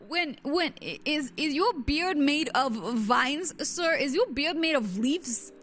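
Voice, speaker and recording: A woman's voice: sits high, animated, slow, fairly bright tone, slight background noise. A woman streaming a game in casual, chatty commentary, easily startled into gasps and squeals.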